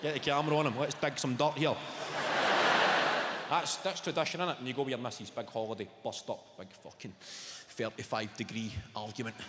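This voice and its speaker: Brash sweary Scottish comedian, roomy hall. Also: male voice, medium pitch, steady tone, fairly quick, very noisy. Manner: brash, sweary, teasing banter. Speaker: stand-up comedian. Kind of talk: stand-up routine with crowd work. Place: live comedy venue stage. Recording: echoey hall with loud crowd.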